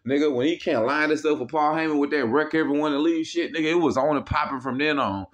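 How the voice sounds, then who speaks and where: A man's voice: fairly high pitch, fast. A man angrily ranting as a wrestling fan, heavy with profanity and worked up. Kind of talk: casual rant. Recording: dull lo-fi recording.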